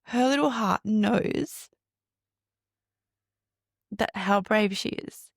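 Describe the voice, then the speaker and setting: A woman hosting her own podcast, reflecting on healing and breathwork, laughing often and slowing into a guided meditation. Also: medium pitch, no echo, clean studio sound. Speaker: podcast host and breathwork coach.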